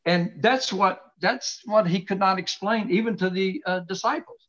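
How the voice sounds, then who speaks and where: A middle-aged man hosting a casual faith conversation, earnestly expounding scripture with slow, emphatic stresses from his home study. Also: high voice, fairly bright tone. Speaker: host. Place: home study with books behind him. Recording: dull lo-fi sound.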